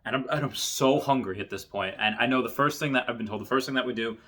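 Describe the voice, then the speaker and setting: A man's voice: medium pitch, fast, bright, forceful tone. A man, a military veteran, casually reading funny stories and laughing often at them.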